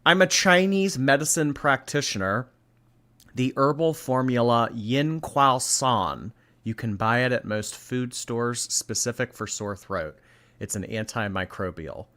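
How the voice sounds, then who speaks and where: A man's voice: medium pitch, unhurried, sharp tone. A man hosting a casual reaction stream, reading chat and giving blunt, chatty opinions with casual swearing.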